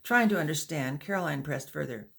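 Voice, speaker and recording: A woman author reading a chapter of her own novel aloud in a gentle, measured storytelling manner. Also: deep voice, animated, gravelly, husky.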